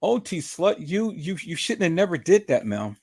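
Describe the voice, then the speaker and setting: A man's voice: on the high side, sing-song, moderate pace, darkish tone, breathy edge. A man hosting a livestream, taunting and repetitive as he calls out a rival and greets viewers in chat. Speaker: livestream host.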